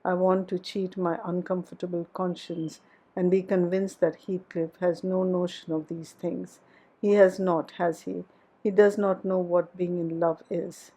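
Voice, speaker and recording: A woman's voice: lowish voice, little pitch movement, a little slow, warm tone, slightly rough, poor audio. A woman reading as a passionate young heroine. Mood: earnest. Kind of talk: classic novel audiobook reading.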